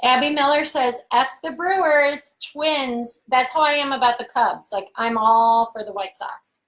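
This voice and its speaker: A woman's voice: high voice, measured pace, a bit bright, low-quality recording. A woman in her thirties co-hosting a casual live-stream chat, bubbly and reading viewer comments aloud. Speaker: co-host.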